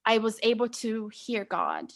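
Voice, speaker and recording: A young woman speaks as a podcast guest in a fairly high voice. She tells her story in an earnest, rambling way, leaning on "like" and "you know". The tone is casual and conversational. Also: huge pitch swings, a little slow.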